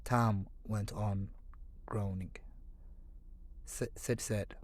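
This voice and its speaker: A man narrating a classic novel as an audiobook, with measured storytelling and dramatic pauses. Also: fairly low pitch, fairly even intonation, darkish tone. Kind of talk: scripted narration.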